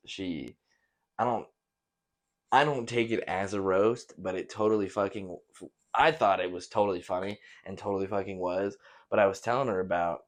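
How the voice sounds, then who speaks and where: A young man hosting a podcast, rambling casually with many fillers and plenty of swearing. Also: deep voice. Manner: laid-back, profane, rambling with many fillers. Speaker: podcast host.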